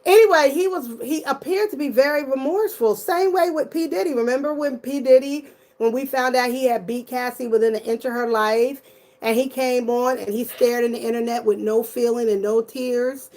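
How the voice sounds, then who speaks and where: Animated, profane woman commentator. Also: fairly high pitch, normal speed. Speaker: commentary YouTuber. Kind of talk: casual commentary.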